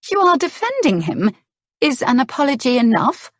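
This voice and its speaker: A woman narrator voicing an earnest young noblewoman, speaking in a higher, questioning tone. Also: big pitch swings, moderate pace, no echo, studio quality.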